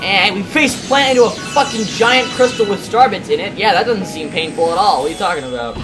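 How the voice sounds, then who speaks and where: A woman's voice: medium pitch, fairly quick, rough recording. A woman hosting a let's play, chatting casually about the game as she plays and swearing now and then. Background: game music.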